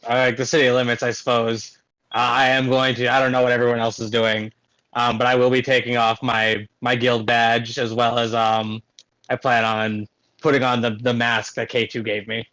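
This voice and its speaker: A man's voice: mid-range voice, little pitch movement, normal speed, a bit bright, dry recording, poor audio. A young man playing a tabletop game, thinking aloud hesitantly. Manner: hesitant, filler-heavy planning. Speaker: player.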